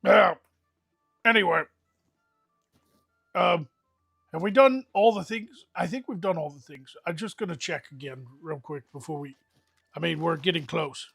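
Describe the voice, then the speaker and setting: A man with a high voice and a husky, gravelly grain, hosting an improvised comedic role-play livestream. He rambles through a mock-solemn eulogy. Faint music plays behind him. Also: measured pace, pauses often, a bit bright. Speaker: host leading an improvised fantasy guild meeting.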